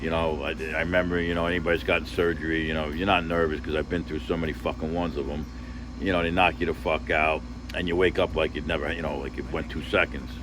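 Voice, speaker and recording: A man's voice: a bass voice, flat delivery, fast, noisy background. A man telling a personal story in a casual, rambling, emotional way, swearing heavily and leaning on fillers.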